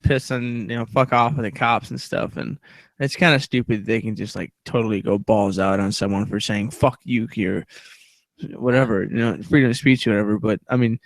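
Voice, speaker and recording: A man's voice: lowish voice, steady tone, moderate pace, gravelly, no room sound. A man in casual podcast chat, laid-back and swearing a lot.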